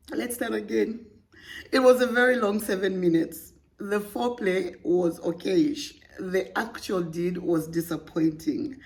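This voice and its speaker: A young woman hosting a podcast, reading a listener's story aloud and breaking off with playful, laughing, teasing asides. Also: mid-range voice. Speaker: podcast host.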